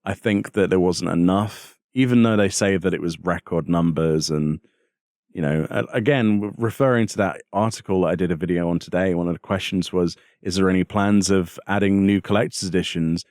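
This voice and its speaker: Low-voiced man hosting a gaming chat. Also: fairly quick, dry recording, studio quality. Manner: animated, acts out characters in exasperated voices. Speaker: podcast host.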